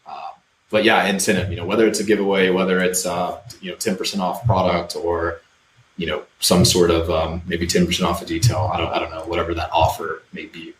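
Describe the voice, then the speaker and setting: A man's voice: low-pitched, fairly quick, reverberant, a little hiss or hum, low-quality recording. A man talking casually as a podcast guest, explaining marketing with energy and acting out what customers say. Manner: energetic, acts out customer quotes.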